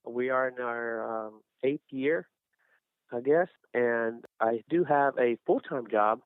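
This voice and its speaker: A man's voice: mid-range voice, smooth, no room sound. A middle-aged man sharing a casual faith testimony, rambling with many restarts and fillers. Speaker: guest, small business owner. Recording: dry, tinny phone-like sound.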